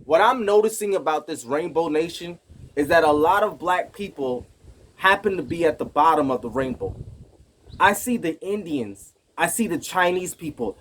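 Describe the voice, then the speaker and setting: A man's voice: on the high side, animated, moderate pace, noisy background. An American man vlogging, retelling a personal run-in in an emphatic, indignant way. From United States. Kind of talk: casual storytelling to camera.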